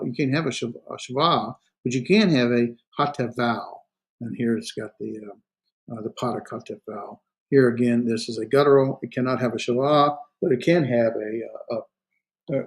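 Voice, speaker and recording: A man gives a classroom lecture in a voice of middling pitch. He stops and restarts often, filling the pauses with "uh", and his voice sinks low when he mutters an aside. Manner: halting, many fillers and restarts; trails off quietly on asides. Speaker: seminary teacher.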